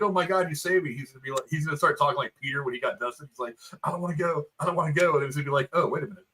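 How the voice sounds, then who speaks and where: Guy hosting a movie review podcast, bright punchy voice, kinda high. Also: poor audio. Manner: animated, swearing, theorizing. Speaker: podcast host. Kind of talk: casual movie review chat.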